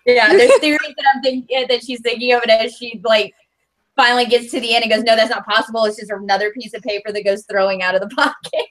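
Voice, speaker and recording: A woman's voice: fairly high pitch, steady tone, quick pace, fairly bright tone, low-quality recording. A woman playing a tabletop game, rambling in an amused way. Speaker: player. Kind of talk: casual tabletop play.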